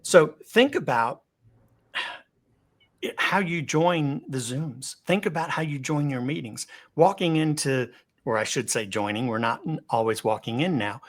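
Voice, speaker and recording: A man giving an instructional webinar talk over a video call. He varies his pace, pitch and loudness for emphasis and often repeats a word as he starts a thought. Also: lively intonation, measured pace. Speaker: webinar guest speaker.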